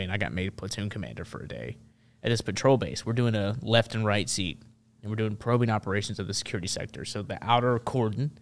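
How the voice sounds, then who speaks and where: Rambling, filler-heavy man in his thirties. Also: lowish voice. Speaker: guest, Marine veteran. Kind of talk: casual storytelling in conversation.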